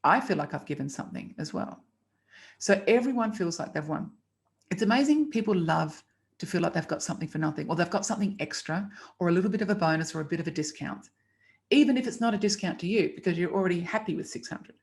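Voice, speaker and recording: A woman's voice: lowish voice, quick pace, a little mellow. A woman teaching about pricing in a chatty, emphatic way, acting out client dialogue as examples. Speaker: copywriting teacher. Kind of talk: casual instructional talk.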